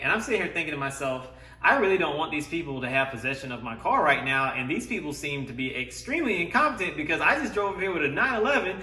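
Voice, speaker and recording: A man tells a heated story, imitating other people's lines along the way. His voice sits high and sounds bright. He is picked up from a distance in an echoey room. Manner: frustrated retelling, mimics others' lines. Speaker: vlogger. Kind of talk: animated storytelling rant. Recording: roomy, away from the mic.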